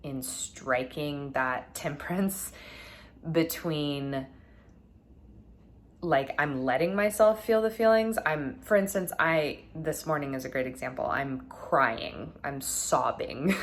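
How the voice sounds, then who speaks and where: A woman vlogging at home, talking earnestly and thoughtfully to camera, often pausing with "like" and "you know". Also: low voice. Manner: earnest, musing, many fillers like "like". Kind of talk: reflective personal talk to camera.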